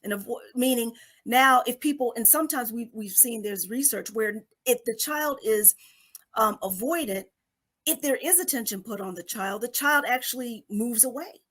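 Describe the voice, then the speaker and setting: A woman's voice: fairly high pitch, normal speed, a bit bright, slightly rough. A middle-aged woman, a guest coach on an interview show, explaining in a teacherly way and checking in with listeners by asking "okay?" again and again. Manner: briefly acts out babies and parents.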